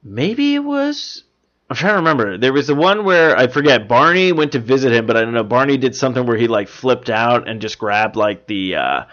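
A man's voice: mid-range voice, animated, fairly quick, few pauses, a bit bright. A man co-hosting a podcast in casual chat, rambling, swearing and retelling movie scenes with jokes. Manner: profane, rambling, jokey retellings. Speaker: podcast co-host. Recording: dull lo-fi sound.

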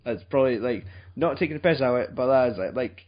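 A man's voice: mid-range voice, quick pace. Sweary Scottish man, muffled lo-fi mic. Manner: sweary, rambling, deadpan. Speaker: podcast host. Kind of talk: casual film review chat.

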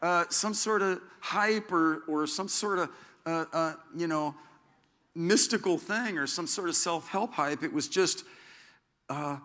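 Middle-aged male pastor, conversational sermon, rambly and self-deprecating, voice a touch high and forceful. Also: a little slow. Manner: rambling, self-deprecating, with asides and frequent restarts.

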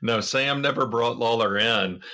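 Bright-voiced male podcast co-host. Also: medium pitch, measured pace. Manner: storytelling, rambling with many fillers and restarts. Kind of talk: casual chat.

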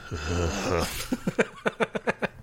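Give me a low-voiced man, wry and joking, as a movie podcast co-host. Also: wildly swooping pitch, drawn-out words, a bit bright, a little hiss or hum. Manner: wry, joking, laughs easily. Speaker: podcast co-host reviewing films. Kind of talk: casual chat.

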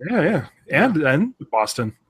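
Man, podcast guest, husky voice, animated pitch, higher tone. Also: slow, no room sound, studio quality. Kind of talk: casual podcast chat.

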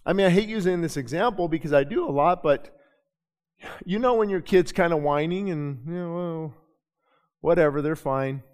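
Speaking at a normal pace with a fairly high voice, this pastor addresses his congregation in a church sanctuary. His conversational tone rises into urgent, passionate pleading, shifting from soft to loud, with repeated words and restarts. A large hall's long reverb surrounds the sound.

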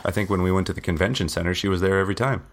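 A man co-hosting a podcast in casual chat, agreeable, often backing up his partner with quick assents. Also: low voice, steady tone, gravelly. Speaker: podcast co-host.

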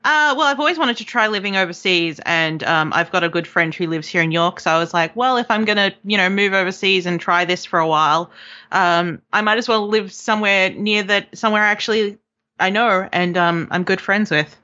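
A woman's voice: medium pitch, brisk, bright, forceful tone, muffled recording. A young Australian woman, just over a cold, chatting as a podcast guest, hesitant with many ums and restarts. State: recovering from a cold. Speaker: podcast guest, game developer. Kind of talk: casual interview chat.

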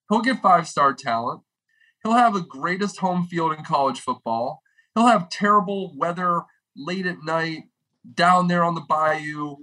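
Animated bright-voiced young man ranting. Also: a little high, poor audio. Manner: animated, exaggerated comedic delivery with swearing. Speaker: podcast regular with a comedic food segment. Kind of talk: comedic podcast rant.

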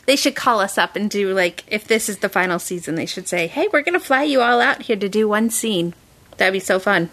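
Bright, lively, bubbly woman co-host. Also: mid-range voice, a little fast, no room sound. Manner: bubbly, enthusiastic, giggly. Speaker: podcast co-host. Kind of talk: casual fan podcast chat.

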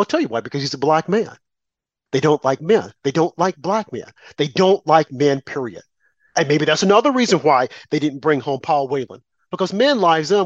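Indignant man, lively rhetorical delivery. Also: fairly high pitch, no room sound, muffled recording. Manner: emphatic, rhetorical questions, indignant. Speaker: commentary host. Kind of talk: political monologue.

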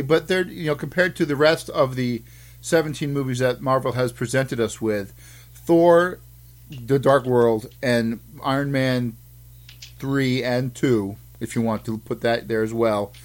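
A man with a Boston accent hosting a podcast, chatting casually in a joking, rambling, self-mocking way. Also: mid-range voice. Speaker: podcast host.

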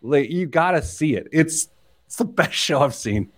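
At normal speed and in a slightly high voice, a forty-something man hosting a personal finance podcast chats casually. He's an animated storyteller who laughs frequently and goes off on tangents.

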